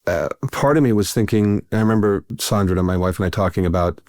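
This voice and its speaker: A man's voice: fairly low pitch, brisk, a little mellow, no echo, clean studio sound. A man, an actor guest, telling stories in a casual, rambling way with restarts and fillers. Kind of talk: casual conversational storytelling.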